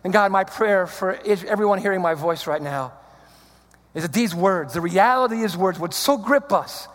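A man preaching a sermon as pastor, moving from loud exhortation to a hushed prayer. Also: high-pitched, moderate pace, big-room sound.

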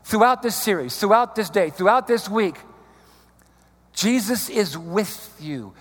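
A man preaching a sermon as pastor, moving from loud exhortation to a hushed prayer. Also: sits high, lively intonation, fairly quick, long reverb tail.

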